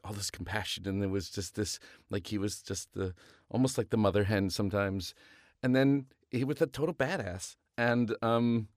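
A man's voice: lowish voice, no echo, studio quality. A man who serves as announcer and voice actor, recording a casual reflection. He talks in a fond, chatty way.

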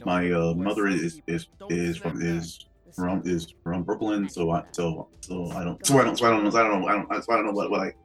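A man's voice: low voice, fairly even intonation, brisk, fairly bright tone, soft background music. A man from Long Island chatting on a panel, repeating himself as he rambles. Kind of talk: casual panel chat.

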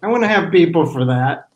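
A man, a podcast guest, speaking in a measured, thoughtful way in casual chat. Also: fairly high pitch, lively intonation, a little mellow, muffled recording. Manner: measured, thoughtful, with small restarts.

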